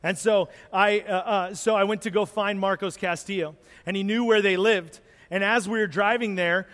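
A man, a pastor, telling a lively story from a mission trip during a sermon, acting out moments as he goes. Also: high voice. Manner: animated storyteller, acts out moments. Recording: long hall reverb.

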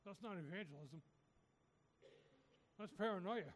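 A man's voice: high voice, measured pace, big-room sound. A man preaching a sermon, urging his listeners with repeated, rising calls. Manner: repetitive, rising exhortation.

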